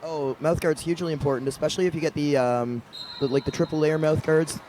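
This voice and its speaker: A man's voice: on the high side, fairly even intonation, fast talker, darkish tone. Guy commentating roller derby, easygoing, explains penalties, noisy arena. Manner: casual, informative. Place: indoor arena.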